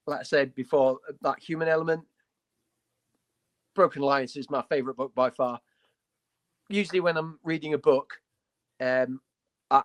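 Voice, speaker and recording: Man, podcast co-host, casual chat, enthusiastic, jokey, blunt, mid-pitched voice.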